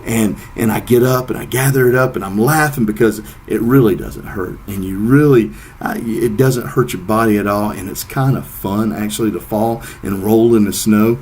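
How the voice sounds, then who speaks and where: A man's voice: on the low side, moderate pace, hardly any pauses, darkish tone, slight background noise. A middle-aged man giving a descriptive speech, telling a story and laughing at himself. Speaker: speaker.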